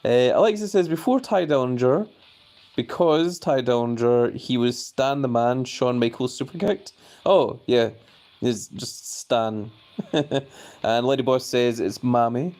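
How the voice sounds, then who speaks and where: A man's voice: mid-range voice, unhurried, a little mellow. A male live streamer reading viewer comments aloud and reacting with playful bafflement, jokingly formal and referring to himself in the third person. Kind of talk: casual live-stream chat.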